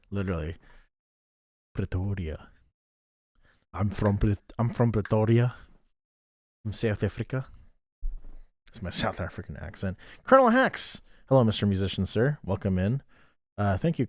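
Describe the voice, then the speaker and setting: A man with a lowish voice live-streams a geography game, thinking aloud chattily and thanking viewers as he plays. The studio sound is clean, with no echo.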